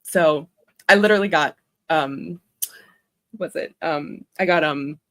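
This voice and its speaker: An author who also hosts livestreams, this young woman speaks in a low, unhurried voice with a fairly bright tone. On her casual chat stream she rambles chattily and laughs a lot.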